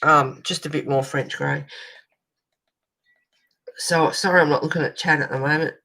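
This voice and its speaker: A woman's voice: deep voice, steady tone, normal speed, gravelly, bright, forceful tone, poor audio. An Australian woman hosting a colouring channel, telling a long rambling story in casual chat as she colours, swearing now and then.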